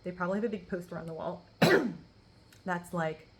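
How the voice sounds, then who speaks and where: A woman's voice: on the low side, a little fast, background noise. A woman in her thirties chatting casually through a skincare review, laughing often and acting out bits of remembered dialogue. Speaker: beauty vlogger.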